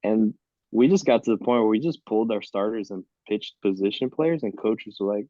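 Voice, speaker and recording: A man in his thirties from Miami, a podcast guest telling lively, laughing stories about his college baseball days. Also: fairly low pitch, brisk, no room sound, lo-fi sound. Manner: lively, laughing anecdotes with quoted voices. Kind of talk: casual storytelling on a podcast.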